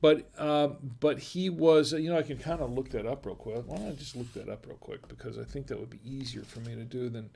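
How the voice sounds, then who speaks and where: A man's voice: medium pitch, brisk, vocal fry, hardly any pauses, a little mellow, slightly rough. A middle-aged man hosting a wine review livestream, chatting casually in a rambling, digressive way and chuckling often. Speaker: host of a wine review show.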